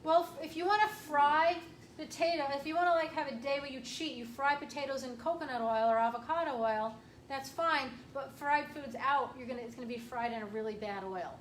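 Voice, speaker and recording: A woman chiropractor giving a casual, emphatic health workshop talk to an audience, clearing her throat often. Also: high voice, a little fast. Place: room with an audience. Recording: echoey room from far off, faint hiss.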